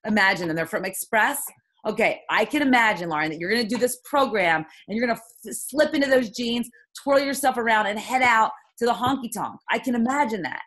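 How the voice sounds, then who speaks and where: A woman leading a motivational team call, talking in an emphatic, heated way with quick rhetorical questions. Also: fairly high pitch, a bit bright. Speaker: team leader coaching her sales team.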